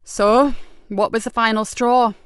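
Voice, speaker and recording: A woman's voice: a little high, steady tone, measured pace, clear, resonant tone, no room sound, studio quality, voice pushed up, lightly acted. Sardonic hard-bitten police inspector, voiced by a woman. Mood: wry. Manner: sardonic, bristling. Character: hard-drinking defiant female police inspector. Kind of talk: audiobook character voice.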